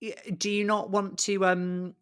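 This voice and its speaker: A man's voice: sits high, flat delivery, a little slow, a bit bright, clear, resonant tone. A British man hosting a podcast, chatty, camp and self-mocking in casual talk. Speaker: podcast host.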